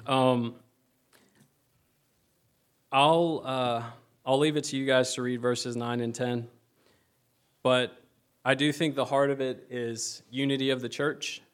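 A man's voice: mid-range voice, fairly even intonation, slow, pauses often, smooth. A young man giving a casual, conversational sermon, with many fillers and a self-deprecating tone. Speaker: preacher.

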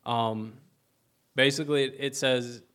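A man's voice: medium pitch, fairly even intonation, a little slow, fairly bright tone, clean tone. Casual young man preaching. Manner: conversational, many fillers, self-deprecating. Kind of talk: casual sermon.

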